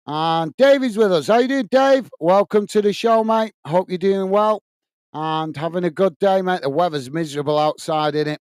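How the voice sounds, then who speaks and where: A man's voice: sits high, moderate pace, a little mellow, clean tone, no room sound, studio quality. A man hosting a football watch-along, chatting to viewers and reading out their messages in a friendly way, calling them mate. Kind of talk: casual live commentary and chat.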